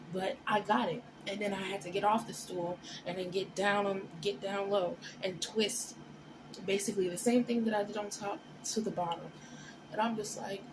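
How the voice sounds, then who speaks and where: A woman giving a casual motivational talk to camera, blunt and emphatic, with frequent cursing. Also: mid-range voice. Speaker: motivational vlogger. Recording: noisy background.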